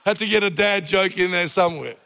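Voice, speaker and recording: Gravelly pastor preaching. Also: male voice, high-pitched, fairly quick, bright, forceful tone, in a large hall. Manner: conversational preaching with jokes and acted-out anecdotes. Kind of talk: sermon.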